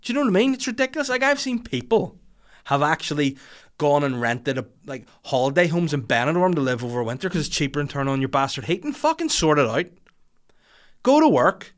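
A man with a Northern Irish accent delivering a sweary, exasperated comedic rant as a podcast host, breaking into shouty outbursts. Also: fairly high pitch, sing-song, fast talker.

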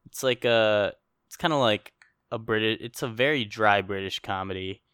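A man's voice: lowish voice, normal speed, a bit bright, clear, resonant tone, no echo, clean studio sound. A young man co-hosting a podcast, chatting casually in a rambling, jokey way and laughing often. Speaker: podcast co-host. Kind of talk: casual chat.

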